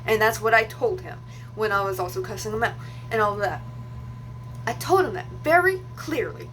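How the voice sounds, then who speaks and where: A woman's voice: mid-range voice, lively intonation, normal speed, a bit bright, soft background music. A young woman vlogger telling a story in a casual, rambling rant, venting with fillers and restarts.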